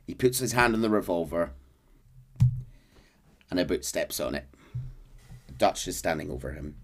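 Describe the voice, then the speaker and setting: Low-voiced male podcast host: steady story-recap narrator with dramatic read-outs. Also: moderate pace, long pauses. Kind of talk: storytelling recap of a video game plot.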